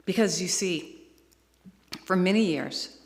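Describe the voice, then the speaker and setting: A woman giving a personal, emotional sermon, telling her story with rising peaks of excitement. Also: fairly low pitch, takes it slowly. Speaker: guest speaker. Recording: long hall reverb.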